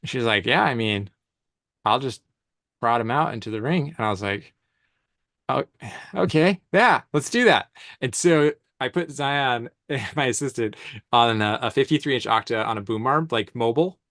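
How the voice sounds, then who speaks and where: A man, a commercial photographer, casually telling animated stories with slang and laughs in a conversation. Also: mid-range voice, moderate pace, no echo, clean studio sound. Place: event space on stage.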